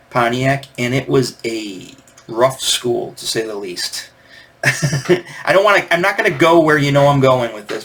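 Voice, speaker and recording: A man's voice: mid-range voice, fairly bright tone. A man in his fifties from Michigan, hosting a podcast in a rambling, digressive monologue full of fillers. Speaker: podcast host. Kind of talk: casual nostalgic monologue.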